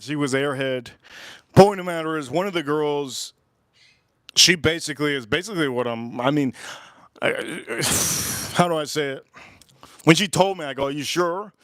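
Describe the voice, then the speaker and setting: A man's voice: on the high side, unhurried, pauses often, a bit bright, no echo, clean studio sound. A man hosting a livestream, casually telling a rambling, laughing story, repeating himself and swearing now and then. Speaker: livestream host.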